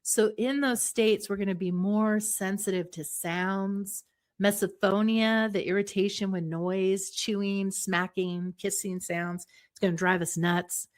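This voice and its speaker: Middle-aged woman psychologist, lively explainer, mid-pitched voice, acts out little examples as she talks. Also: unhurried. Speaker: psychologist guest. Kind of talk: explanatory interview talk.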